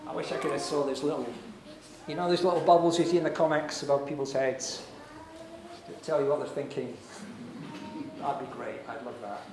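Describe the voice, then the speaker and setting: A man preaching a sermon as pastor, earnest and persuasive, with dramatic pauses. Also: medium pitch, fairly even intonation, background noise. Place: church hall. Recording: echoey church hall.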